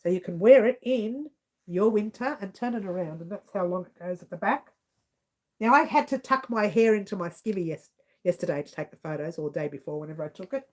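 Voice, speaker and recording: A woman's voice: mid-range voice, fairly quick. A woman with an Australian accent chatting casually on a live stream, giggling and reading out viewer comments.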